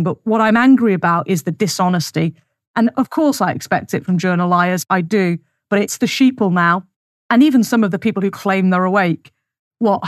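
A woman hosting her own podcast, talking in an indignant, sarcastic rant full of pointed rhetorical questions. Her voice sits at a middling pitch. The sound is close and dry, with no room around it. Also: no room sound. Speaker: podcast host. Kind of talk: solo podcast monologue.

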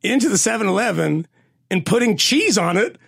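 A man with a fairly high, husky voice. He is a podcast co-host who tells stories in casual chat, animated and profane, often laughing through them. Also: brisk.

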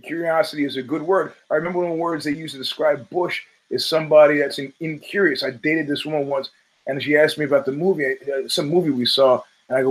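A man's voice: on the high side, steady tone, fast talker, rough recording. Rambling profane man telling stories. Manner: rambling, profane, storytelling with restarts. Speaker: podcast host. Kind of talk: casual monologue.

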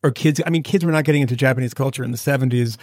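A middle-aged man hosting a podcast, rambling in casual chat with a gravelly voice. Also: medium pitch, racing, dry recording, clean studio sound. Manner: rambling, animated storyteller. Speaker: podcast host.

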